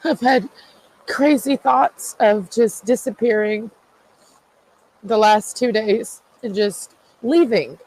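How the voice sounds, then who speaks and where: A woman's voice: on the high side, slow pace, pauses often, a little mellow, rough recording. A tearful, distraught woman vlogging, swearing and repeating herself as she vents. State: crying. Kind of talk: emotional confessional vlog.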